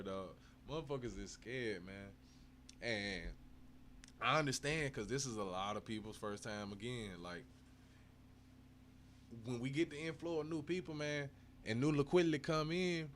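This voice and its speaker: A man's voice: mid-range voice, fairly bright tone, a little hiss or hum. A man hosting a live stream, chatting casually with heavy swearing, frequent laughs and bursts of hype. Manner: profane, hyped, laughs often.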